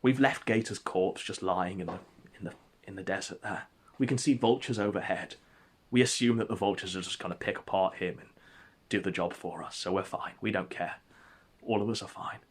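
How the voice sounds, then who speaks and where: A man narrating an absurd comic story in a deadpan, mock-epic way. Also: low-pitched, brisk, breathy edge. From England.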